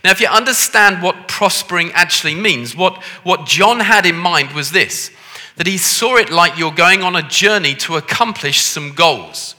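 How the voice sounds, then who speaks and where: Scouse male preacher, joking and conversational, with a sharp, ringing tone in a big echoing hall. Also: sits high, normal speed. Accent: Liverpool. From Liverpool, England. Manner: jokey, self-deprecating, conversational. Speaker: visiting preacher. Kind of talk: sermon. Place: church hall. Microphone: handheld microphone. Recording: reverberant church hall.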